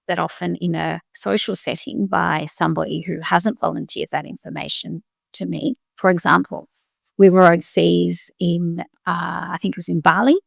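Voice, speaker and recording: A woman's voice: on the low side, gravelly, no echo, studio quality. A middle-aged woman, a doctor, speaking reflectively in an interview in short, restarting phrases. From Australia. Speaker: guest, doctor. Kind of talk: interview conversation.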